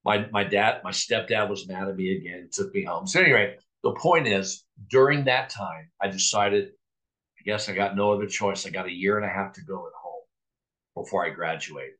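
A man's voice: low-pitched, moderate pace, sharp tone, poor audio. A middle-aged man, a pastor, telling his personal testimony in a podcast interview, acting out remembered dialogue and often restarting with stammered words. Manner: storytelling with reenacted dialogue, frequent stammered restarts.

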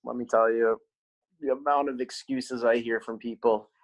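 A man's voice: mid-range voice, moderate pace. Blunt, swearing man in casual chat. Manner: blunt, swears constantly, animated. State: sore from a workout.

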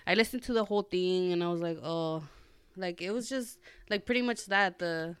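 A woman's voice: lowish voice, normal speed, clear, resonant tone, no room sound. A young woman hosting a podcast, chatting casually about a book with lots of fillers and restarts. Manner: rambling, many fillers and restarts. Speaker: podcast host. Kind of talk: casual chat.

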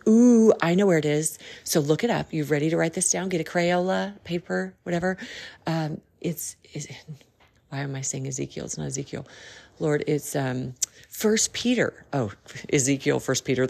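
Woman podcast host, low fry-laden voice, folksy and earnest, casual faith talk. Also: a little mellow. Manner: folksy, rambling, earnest, Southern slang.

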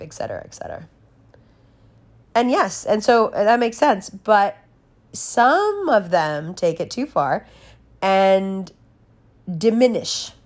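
Young adult woman, low-pitched, casual and blunt storytelling, profanity and laughter. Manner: candid, swearing, laughing often.

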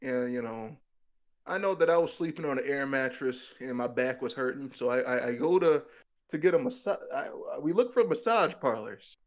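A man's voice: medium pitch, expressive, moderate pace, highs cut off. A young man telling a rambling, profane comic story about his own life, laughing as he goes.

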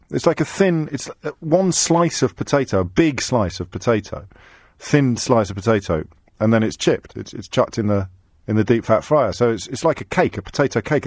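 A man's voice: mid-range voice, a little mellow, no room sound. A man hosting a radio phone-in, speaking with a slight Kidderminster twang in a wry, teasing manner with frequent restarts. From Kidderminster, English Midlands. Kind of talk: casual phone-in chat. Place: radio studio.

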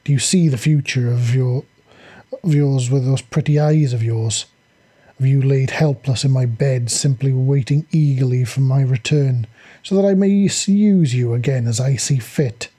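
A man's voice: on the high side, expressive, normal speed, mellow, husky. A man reading aloud and voicing a seductive, cruel female fallen angel who taunts and mocks in a sultry way. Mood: taunting.

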